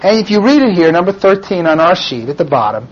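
Male rabbi lecturer, lively swooping delivery, audience questions, muffled lo-fi sound. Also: high-pitched, quick pace, husky. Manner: animated storyteller, pressing the audience with questions. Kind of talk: teaching lecture with rhetorical questions. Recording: dull lo-fi recording.

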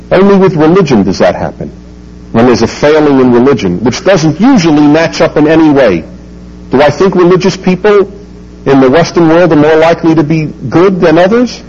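A man's voice: mid-range voice, a little mellow, highs cut off, a little hiss or hum. A man giving an emphatic talk to a live audience, full of rhetorical questions. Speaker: speaker lecturing an audience.

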